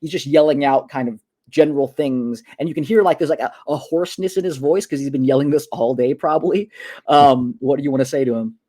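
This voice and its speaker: A man narrating as game master in an online tabletop game, halting with many fillers and restarts. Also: mid-range voice, warm tone. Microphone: online voice call.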